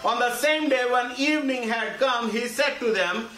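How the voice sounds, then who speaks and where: A man's voice: very high voice, normal speed, pushed and bright, soft background music. A male pastor preaching a sermon, working the congregation with repeated, emphatic lines and frequent calls for agreement. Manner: call-and-response preaching, asks congregation for agreement; repetitive, emphatic phrasing. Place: church sanctuary. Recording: echoey church hall, mic far off, faint hiss.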